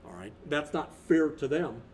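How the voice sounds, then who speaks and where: A man's voice: on the high side, animated, moderate pace, a little hiss or hum. A man in his fifties, a college instructor, talking through a recorded lecture in a rambling, conversational way with many restarts.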